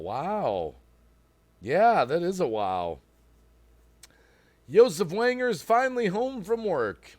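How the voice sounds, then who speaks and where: A man hosting a casual livestream, greeting viewers by name, reading chat aloud and rambling as he thinks out loud. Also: high voice, very animated, takes it slowly, long pauses, dry recording. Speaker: livestream host.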